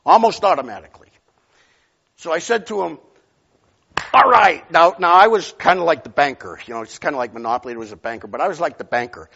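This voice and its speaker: A male pastor preaching a sermon, telling stories and swinging from loud outbursts to near whispers. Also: on the high side, fast talker, creaky, slightly rough, dull audio.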